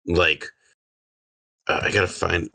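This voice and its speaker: A man's voice: deep voice, flat delivery, slow, gravelly, bright, forceful tone, slightly rough. A male guest in a casual reaction stream, talking in a hesitant, filler-heavy and sardonic way over a distant video-call mic. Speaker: guest commentator.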